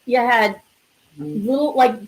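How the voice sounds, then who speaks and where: Chatty woman host reminiscing, fairly high. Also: slow pace, gravelly, low-quality recording. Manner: chatty, eager reminiscing with fillers. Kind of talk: casual chat.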